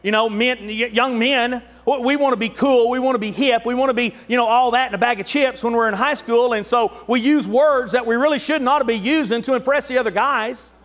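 A man preaches in a strikingly high voice, fervent and building to shouts, with joking asides between points. His sermon rings through a church hall with a long, trailing reverb. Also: a little fast, few pauses. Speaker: pastor. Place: church sanctuary.

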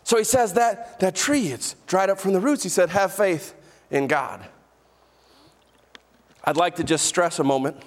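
A man preaching a sermon as pastor, emphatic, slowing down to stress key phrases and calling out to the congregation. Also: high-pitched, big pitch swings. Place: church sanctuary.

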